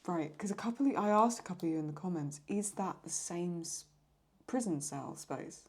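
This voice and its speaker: A young woman chatting excitedly and mocking herself while she reacts to videos as host of her channel. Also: lowish voice, moderate pace, slightly rough. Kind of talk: casual reaction commentary.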